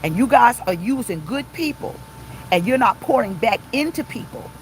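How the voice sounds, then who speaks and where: Woman pastor, emphatic repeating style, faint vehicle rumble. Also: animated, normal speed, low-quality recording. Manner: emphatic, repeats phrases, talks to live viewers. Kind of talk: informal livestream sermon.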